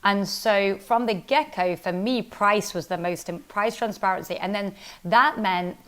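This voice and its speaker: A woman who founded a company, talking casually in an interview, quick and animated, full of "like" and "literally". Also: medium pitch, clear, resonant tone. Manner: fast, animated, heavy use of "like" and "literally". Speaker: startup founder and CEO, interview guest.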